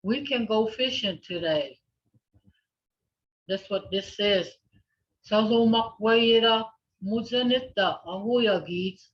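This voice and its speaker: This online language lesson features a woman of medium pitch who speaks slowly, pausing often as she patiently says words for her class to repeat. She is the instructor, teaching over a video call with flat, low-fidelity sound.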